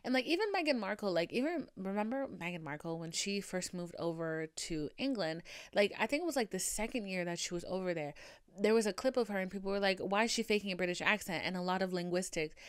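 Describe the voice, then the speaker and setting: A woman's voice: medium pitch, fast talker, clear, resonant tone, no echo, clean studio sound. Chatty woman with a light Boston accent. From Boston area, USA. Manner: chatty, profane, animated and dramatic. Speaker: podcast host. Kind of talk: casual monologue.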